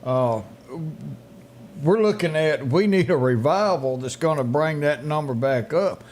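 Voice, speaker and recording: Earnest co-host. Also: male voice, a little high, unhurried, a little mellow. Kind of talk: casual talk.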